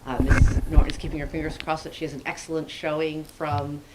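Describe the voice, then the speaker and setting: A woman's voice: deep voice, level tone, a little fast. A woman giving chatty, upbeat school announcements at a committee meeting, with a joking manner. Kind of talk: meeting report. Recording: noisy meeting recording.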